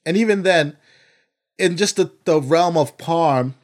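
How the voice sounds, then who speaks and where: A man's voice: fairly high pitch, unhurried. A man co-hosting a podcast, arguing his point insistently in casual chat. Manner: argumentative, makes his case insistently. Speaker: podcast co-host.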